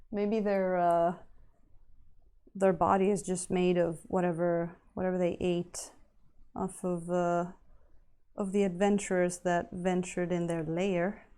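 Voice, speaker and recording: A woman's voice: on the low side, dark tone, clear, resonant tone. A woman chatting casually with her live-stream viewers while she paints a miniature, rambling and laughing often.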